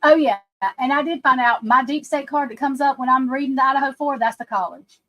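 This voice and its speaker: Woman psychic just talking on a live stream, rambly and emphatic, voice a bit high. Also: fairly quick, fairly bright tone, low-quality recording. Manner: rambling, emphatic, addresses listeners directly. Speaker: psychic card reader. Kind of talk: casual livestream talk.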